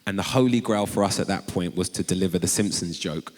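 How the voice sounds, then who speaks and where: Low-pitched and energetic, this North London author performs conversational storytelling as a guest on stage. He often breaks into high, quoted exclamations, and the large chapel where the live audience sits makes his voice echo long.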